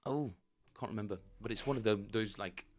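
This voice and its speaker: A man's voice: on the low side, brisk. A man casually chatting with viewers on a live stream, rambling and joking as he reads chat aloud. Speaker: bass player streaming practice.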